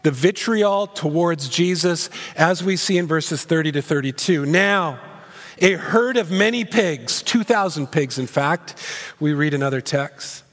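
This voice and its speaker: A male pastor preaching an expository sermon in a church sanctuary, animated, moving between loud and hushed delivery. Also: fairly high pitch, a little slow. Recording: long hall reverb.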